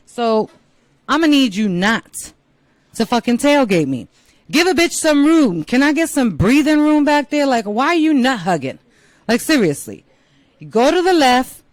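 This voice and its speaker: A woman's voice: a little high, dry recording. A young woman hosting her own show, ranting bluntly and exasperatedly, with lots of swearing. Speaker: show host. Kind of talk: profane comedic rant to camera. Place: San Diego.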